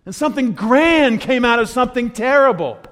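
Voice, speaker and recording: A man's voice: very high-pitched, expressive, brisk, fairly bright tone. An older man preaching a sermon, telling stories with humor and laughter. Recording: long hall reverb.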